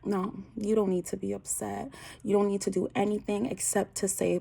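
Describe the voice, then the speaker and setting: A woman's voice: mid-range voice, little pitch movement, moderate pace, vocal fry, dark tone. A woman delivering a spiritual message to her viewers, reassuring and emphatic, sometimes dropping to a whisper. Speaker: spiritual reader.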